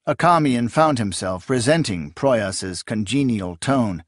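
A man reading fantasy fiction aloud as a narrator, in a measured, even storytelling manner. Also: medium pitch, dry recording, clean studio sound. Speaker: audiobook narrator.

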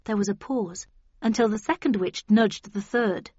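A woman reading a first-person story aloud as an audiobook narrator, expressive, in a dull, dry recording. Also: mid-range voice, moderate pace, slightly rough, no echo.

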